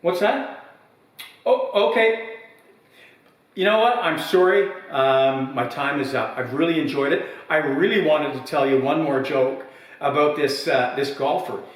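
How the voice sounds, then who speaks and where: A comedian telling a long joke in a halting, stop-start way, often repeating his words. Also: fairly high pitch, recorded from a distance. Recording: echoey room, voice from afar.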